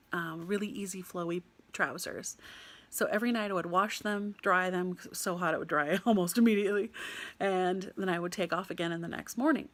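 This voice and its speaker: Young American woman, storyteller; slight vocal fry, lively delivery with frequent laughter. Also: medium pitch. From United States. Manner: animated, laughs often, mimics other people. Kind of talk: personal storytelling.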